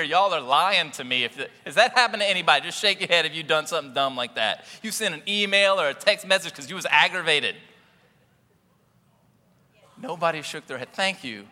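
A man preaching a chatty, funny sermon in a church, his bright voice ringing out with a long hall echo. He swoops through a lively range of pitch, slipping into little acted-out scenes. His voice sits a bit high for a man. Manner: animated, acts out little scenes, chuckles often. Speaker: pastor. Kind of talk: humorous conversational sermon. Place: church sanctuary.

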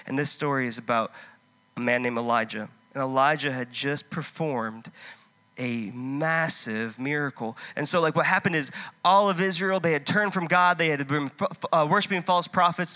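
A man preaching a sermon, impassioned and conversational, swinging from loud urging to hushed storytelling. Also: fairly high pitch. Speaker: pastor.

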